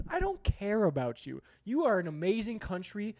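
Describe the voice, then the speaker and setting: A man hosting a sports podcast, ranting heatedly with plenty of profanity and sudden loud outbursts. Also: sits high, wildly swooping pitch, moderate pace, few pauses. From United States.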